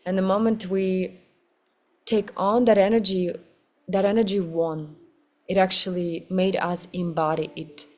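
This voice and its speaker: A woman teaching a kundalini yoga class, guiding with soft, gentle, unhurried instructions. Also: on the low side, steady tone.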